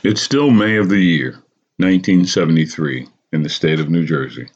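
A man hosting a podcast, narrating a dramatic story in a measured storytelling voice, on a slightly dull recording. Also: low voice, breathy edge. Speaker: podcast host.

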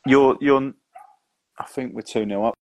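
A man's voice: medium pitch, fairly even intonation, a little slow. Man, talk show host, rambling friendly chat, lots of asides. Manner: rambling, friendly, "do you know what I mean". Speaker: podcast host and magician. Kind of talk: casual chat.

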